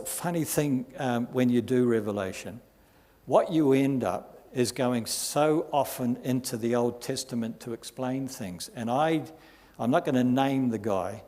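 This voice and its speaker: A man preaching a sermon as pastor, reading scripture aloud with rising force and slowing down for emphasis. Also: medium pitch, darkish tone. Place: church hall. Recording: long hall reverb in a church.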